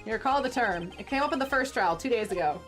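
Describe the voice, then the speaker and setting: A determined young defense attorney, read by a woman in a game playthrough. He lays out evidence calmly and methodically, with a slightly high, light voice. Soft music sits in the background. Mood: explaining. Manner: steady, measured, building to accusation.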